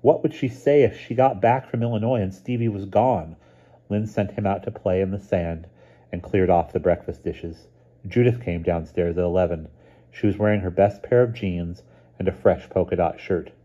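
Male storybook reader, deep and very mellow, calm, lo-fi recording. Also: moderate pace. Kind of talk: storybook narration.

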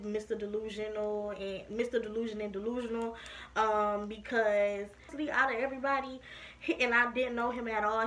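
A young woman, casually telling a story to her viewers and often calling them "y'all". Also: on the high side. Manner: chatty, animated, addresses viewers as y'all. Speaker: storytime vlogger.

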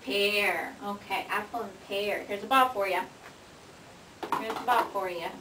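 Woman, speech therapist, sing-song coaxing voice, slow and clear for a child; echoey room, far camera, noisy home video. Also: medium pitch. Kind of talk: coaching a child to say words.

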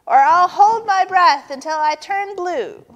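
A woman voicing a young female turtle throwing a screaming tantrum, with high wailing demands. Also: unhurried, a bit bright, muffled recording. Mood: demanding.

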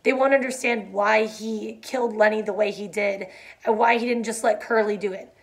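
A woman reads a novel chapter aloud in a quiet, even voice that drops low on the somber lines. When she finishes, she explains the ending in a chatty way, with fillers and restarts. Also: normal speed, creaky. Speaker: teacher reading a novel aloud. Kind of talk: read-aloud and plain explanation.

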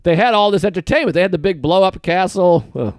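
A man's voice: high voice, quick pace, background noise. A man co-hosting a comedy podcast, telling a long story in casual chat, laughing often and acting out what people said. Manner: animated storyteller who acts out quotes and laughs a lot. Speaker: podcast co-host.

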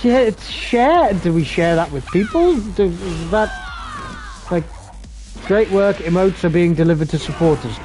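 A man commentating a live game stream, excitable and swearing heavily, jumping between yelps and mutters. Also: sits high, a little slow, faint music behind.

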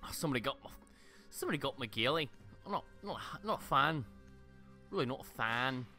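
A man's voice: mid-range voice, expressive, brisk, sharp tone, faint music behind. A young man giving joking, profane gameplay commentary into a desk mic on a stand, with sudden shrieking outbursts. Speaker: gaming streamer.

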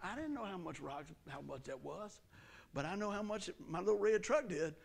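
A man's voice: sits high, fairly quick, creaky. A middle-aged man preaching in a church, telling a story in folksy country talk and acting it out with sound effects. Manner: animated, acts out the story with sound effects and voices. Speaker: pastor. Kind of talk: storytelling sermon. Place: church sanctuary.

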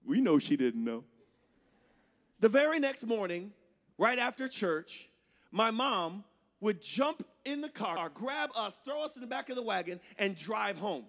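A man preaching as a guest speaker, telling a lively story and swinging between loud shouts and hushed lines. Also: high-pitched, a little slow. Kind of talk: sermon with storytelling.

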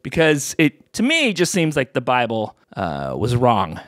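A man's voice: mid-range voice, huge pitch swings, measured pace, a bit bright, no room sound. Sarcastic male commentator, dry sound. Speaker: commentator host.

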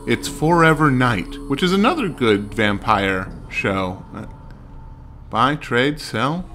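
A man's voice: mid-range voice, animated, slow, sharp tone, faint music behind. A man giving wry, joking running commentary while playing a video game. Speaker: let's play gamer. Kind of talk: casual gameplay commentary.

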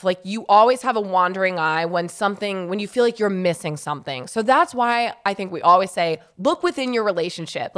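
Chatty woman podcast co-host, laughs often. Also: mid-range voice. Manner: chatty, laughs often, reads listener letters aloud. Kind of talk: casual advice chat.

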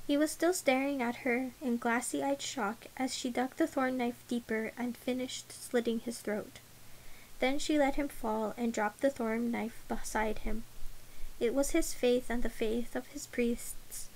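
A woman reading an audiobook in a measured, unhurried way. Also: fairly high pitch, steady tone, darkish tone, slight background noise, low-quality recording. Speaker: audiobook narrator. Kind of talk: audiobook narration.

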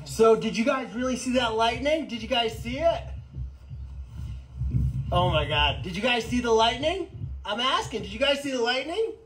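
Man, high voice, excitable, rambling, casual live vlog, outdoors on a farm. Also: normal speed, rough recording. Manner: excitable and rambling, baby talk to animals. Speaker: animal sanctuary host.

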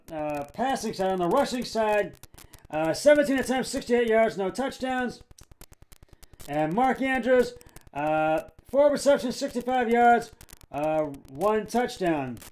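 A man hosting his own sports podcast, giving frustrated commentary, sometimes yelling, with many fillers and restarts. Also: very high voice. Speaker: podcast host.

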